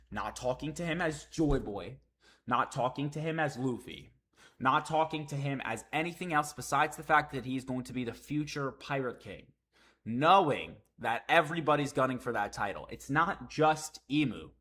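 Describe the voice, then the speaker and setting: A hyped man reacts live while reading a comic chapter, swearing freely as the excitement builds. His voice is bright and forceful and sits a little high for a man. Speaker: streamer reading a manga chapter. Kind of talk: live comic read-along commentary.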